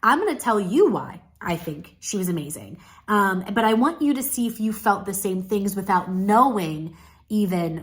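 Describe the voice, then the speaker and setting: A woman's voice: mid-range voice, a bit bright. A woman talking casually to camera as a pageant speaking coach, in an encouraging, coaching tone. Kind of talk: casual video commentary.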